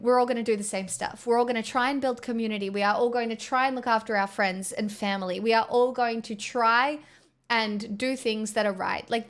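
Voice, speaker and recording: An Australian woman with a fairly high voice talks off the cuff on a live stream. She is blunt and rambling, restarts her sentences often and swears freely as she answers viewers. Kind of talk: casual chat reading viewer messages.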